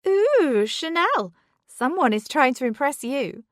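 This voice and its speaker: A woman voicing a tall young female office worker with a high-pitched, whiny voice and an eager, teasing manner. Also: big pitch swings, slow pace, dry recording, studio quality, heavily acted.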